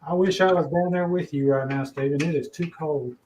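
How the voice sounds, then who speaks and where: Man, high voice, easygoing co-host, casual kitchen chat, distant mic, faint noise. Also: fairly even intonation, a little fast, darkish tone. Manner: easygoing, joking. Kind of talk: casual cooking show chat.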